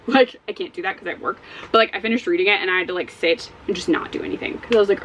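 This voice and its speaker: A woman giving a casual spoken book review as a vlogger, animated and exasperated, swearing often. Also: mid-range voice, racing, dull audio, slight background noise.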